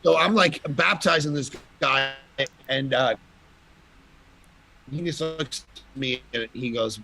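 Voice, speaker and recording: A man, a pastor, telling lively stories in a casual conference talk, with loud bursts of emphasis and frequent laughter. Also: mid-range voice, slow pace, vocal fry, long pauses. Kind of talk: casual storytelling at a conference panel.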